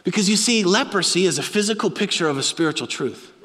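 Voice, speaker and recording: A man preaching a sermon with dramatic storytelling, dropping low and quiet for emphasis. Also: lively intonation, fast, long reverb tail.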